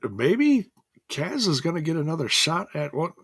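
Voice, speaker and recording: A man's voice: a little high, very animated, moderate pace, a bit bright, breathy edge, dry recording, studio quality. A man hosting a casual solo wrestling review, rambling and correcting himself as he goes, chuckling now and then.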